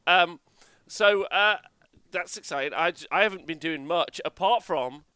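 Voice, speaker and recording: Bright, clear-voiced male stream host. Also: high-pitched, unhurried, no room sound. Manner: chatty, swears casually, many fillers. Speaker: host of a live wargaming stream. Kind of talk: casual live-stream chat.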